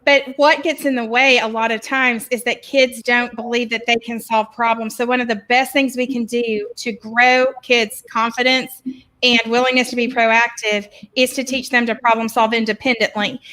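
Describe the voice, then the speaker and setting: A woman's voice: a little high, level tone, moderate pace, sharp tone, low-quality recording. A woman giving an encouraging, teacherly webinar presentation about raising kids. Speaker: educator presenter.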